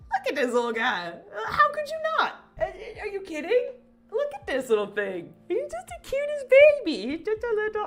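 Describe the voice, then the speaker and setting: A woman's voice: fairly low pitch, bright, forceful tone. A young woman chatting casually and giggling with her viewers on a live stream.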